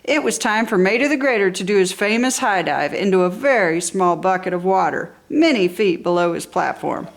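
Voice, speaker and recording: A woman reads a children's storybook aloud with plenty of enthusiasm. Her voice sits at an ordinary middle pitch, and she stays expressive from line to line. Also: normal speed, gravelly, few pauses. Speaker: storybook reader.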